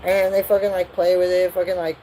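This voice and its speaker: A woman's voice: fairly low pitch, level tone, fairly quick, mellow, a little hiss or hum, poor audio. A woman doing a live tarot reading, talking bluntly and profanely in a rambling way. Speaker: tarot reader.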